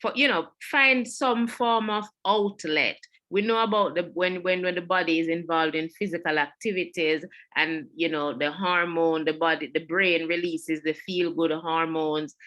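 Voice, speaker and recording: A woman's voice: low-pitched, fairly even intonation, unhurried, fairly bright tone. A woman with a Jamaican accent giving a mental health webinar talk, earnest and repeating her key points. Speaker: webinar presenter. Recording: online webinar audio.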